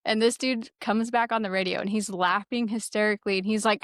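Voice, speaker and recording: A woman podcast host telling a casual story with lots of swearing, lively and laughing as she goes. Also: medium pitch, fairly quick, few pauses, dry recording, clean studio sound. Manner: profane, lively, laughs while telling stories. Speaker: former military security forces sergeant.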